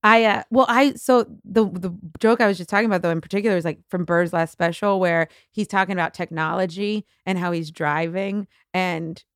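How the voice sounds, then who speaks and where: A woman comedian as a podcast guest in casual chat, talking quickly with short agreeing replies. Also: fairly low pitch, fairly even intonation, clean tone, no room sound, clean studio sound.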